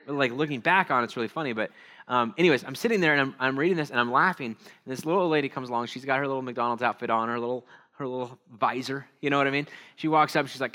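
A man's voice: medium pitch, fast, pushed and bright. A male pastor giving a casual, rambling sermon, self-deprecating and full of fillers and restarts.

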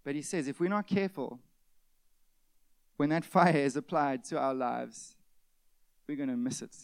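In a dry, clean recording, a male pastor delivers a sermon at medium pitch and normal speed, his tone steady with some vocal fry. He moves from loud, emphatic peaks down to hushed near-whispers and poses rhetorical questions to the congregation.

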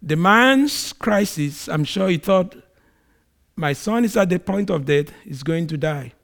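Man preaching, slow delivery, slightly high voice, dramatic rises and drops. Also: animated, vocal fry, fairly bright tone. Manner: dramatic swings in pitch and volume; acts out quoted speech in a raised voice. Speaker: pastor. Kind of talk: sermon.

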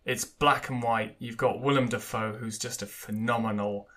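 A man's voice: medium pitch, fairly even intonation, normal speed, pushed and bright. A man co-hosting a podcast in casual chat, chatty and hesitant with many fillers. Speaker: podcast co-host.

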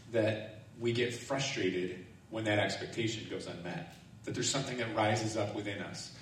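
A man preaching a sermon in a relaxed, self-mocking storytelling manner, often laughing as he speaks. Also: lowish voice. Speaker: pastor. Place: large echoing hall or sanctuary. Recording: echoey room, distant mic, faint noise.

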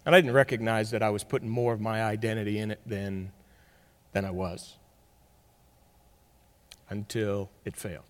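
A man preaching a sermon, telling stories with big swings between loud bursts and quiet, close talk. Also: fairly low pitch, steady tone, moderate pace, pauses often. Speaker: pastor. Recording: long hall reverb.

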